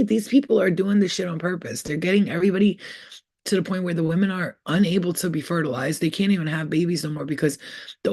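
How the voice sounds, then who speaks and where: A man's voice: fairly high pitch, a little mellow, dry recording, clean studio sound. A young man in a casual, rambling monologue who talks in a profane, conspiratorial way as a spiritual vlogger.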